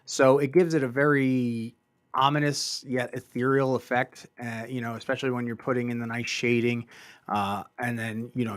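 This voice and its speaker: A man co-hosting a comic book review podcast, talking in an animated, enthusiastic, casual way. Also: mid-range voice, no echo.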